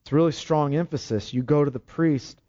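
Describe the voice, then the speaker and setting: Here the man's voice is a little high and a little fast, with a dark tone. He's a pastor preaching with earnest emphasis, repeatedly restarting phrases. The sound quality is dull and lo-fi.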